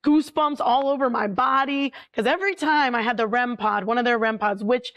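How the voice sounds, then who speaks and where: Woman, fairly high voice, paranormal investigator guest, casual storytelling, animated and chatty. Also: brisk, lo-fi sound. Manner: chatty, animated, fond of filler words.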